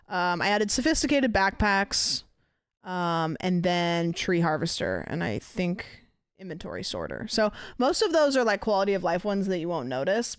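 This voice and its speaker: Woman, livestreamer, casual gaming chat, sweary, lively pitch, dry close mic. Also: clean tone, no echo. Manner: chatty and animated, swears freely.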